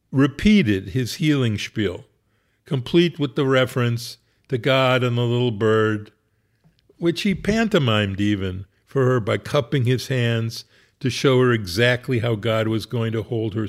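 A man who is a rabbi, wryly telling a humorous personal story in a conversational way. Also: medium pitch. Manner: wry, conversational, laughs at his own story.

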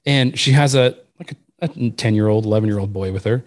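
A man in casual podcast chat, telling an animated anecdote and acting out the people in it. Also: lowish voice, quick pace, no room sound, studio quality. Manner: animated anecdote-telling, acts out quoted voices.

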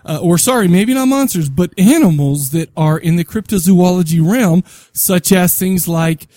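A man co-hosting a podcast, playful and swearing as he chimes in with quick quips. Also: high voice, warm tone, no echo, clean studio sound. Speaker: podcast co-host. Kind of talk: casual chat.

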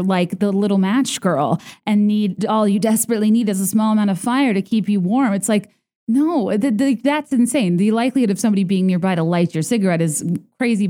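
A woman hosting a podcast, telling stories in a chatty, sarcastic way, full of filler words and playful mockery. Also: warm tone. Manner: chatty and sarcastic, heavy on "like", mimics others in high voices. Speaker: podcast host. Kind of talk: casual podcast monologue.

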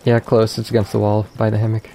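A man narrating as game master in a tabletop role-playing game, describing scenes in a measured, descriptive way. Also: fairly low pitch, completely flat delivery, gravelly, dark tone, husky.

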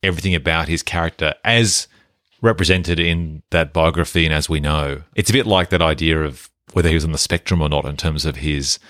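Male podcast co-host, very deep voice, dry studio sound. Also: a little fast, no echo. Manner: relaxed, conversational, hands out mock awards. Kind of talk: casual film-review chat.

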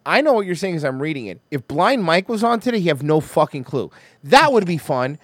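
Lively, swearing livestream host man. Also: fairly high pitch, fairly quick, no room sound. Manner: animated, swears freely, reacts loudly. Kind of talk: casual livestream chat.

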